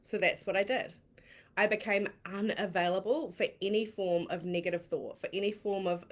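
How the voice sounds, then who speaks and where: A woman with a New Zealand accent, a coach telling her own story in a candid, excitable way, laughing often and swearing casually on a live stream. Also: lowish voice, moderate pace. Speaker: manifestation coach.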